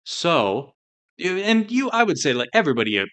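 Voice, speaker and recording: A man's voice: fairly high pitch, very animated, brisk, a bit bright. A man co-hosting a casual podcast discussion, rambling and filling his talk with "like" and "you know". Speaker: podcast co-host.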